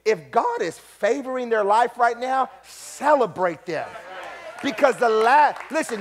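A pastor preaching a sermon, animated, swinging between quiet asides and loud, shouted points. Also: male voice, extremely high pitch, unhurried.

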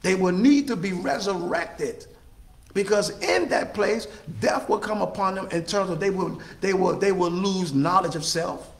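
High-pitched preacher guy, drawn-out emphatic lines, roomy echo. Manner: call-and-response preaching, drawn-out emphatic phrases. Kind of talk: sermon.

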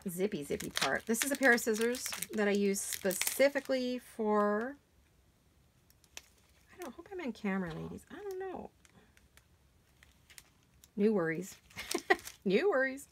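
Hoarse middle-aged lady rambling thru her craft project, gravelly raspy voice, bit of hiss in the back. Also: mid-range voice. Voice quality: gravelly, froggy voice today. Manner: chatty, rambling, talks while working with hands. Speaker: crafting channel host. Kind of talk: casual craft chat. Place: home craft studio. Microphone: camera mic while sitting back from a craft table.

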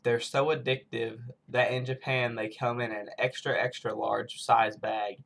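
A man's voice: medium pitch, flat delivery, unhurried, vocal fry, a bit bright. A man from the United States rambling through a casual snack taste-test vlog, full of self-mocking asides. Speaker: vlogger.

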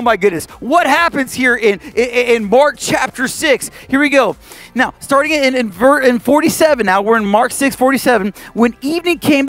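A man, a children's pastor, telling a Bible story to kids in a playful, animated way and acting out the voices. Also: very high-pitched. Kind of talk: kids' Bible lesson. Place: church kids' stage.

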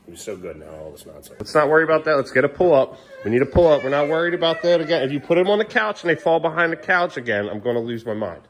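A man's voice: on the high side, lively intonation, fast, few pauses. A young dad filming a casual home vlog, talking to his kids at bedtime and now and then snapping at them in frustration. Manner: exasperated, scolding in bursts. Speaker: parent vlogger.

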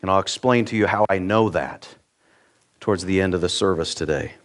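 A middle-aged man from the United States, preaching a sermon in a church, earnest and direct, swinging between loud emphatic peaks and quiet low asides. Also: a little fast. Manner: earnest, direct, repeats words when starting a thought. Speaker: pastor.

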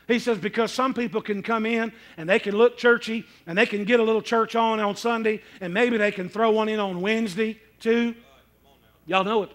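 Animated pastor, bright high voice. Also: male voice. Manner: folksy, animated preaching with sudden shouts and asides. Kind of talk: sermon. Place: church sanctuary.

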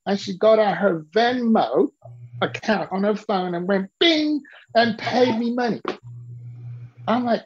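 A business mentor tells a story with a gravelly, husky edge to his voice. He is animated and acts out the people he quotes. The call audio is dull and lo-fi. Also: high-pitched, moderate pace. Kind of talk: storytelling to an interviewer.

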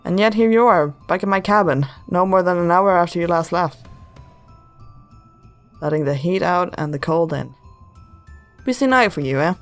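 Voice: mid-range voice, animated, moderate pace, long pauses, close to an everyday voice. Gamer doing a sardonic coffin seller, dry, mocking, faint music behind. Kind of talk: reading game dialogue aloud.

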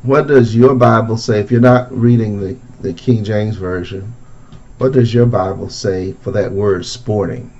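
A man's voice: fairly low pitch, steady tone, darkish tone. Male pastor, musing Bible study teacher, muffled call audio. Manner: conversational, musing, drawn-out phrasing.

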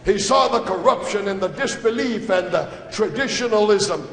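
Man, preacher, very high voice, dramatic and emphatic, shouts and hushed asides, echoey church hall, long reverb. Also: animated, moderate pace. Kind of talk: sermon. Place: church sanctuary.

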